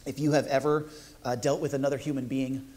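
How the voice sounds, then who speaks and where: A man's voice: medium pitch, little pitch movement, brisk, a little mellow, slight background noise. A man preaching a sermon, playful and jokey, talking directly to the congregation. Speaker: pastor.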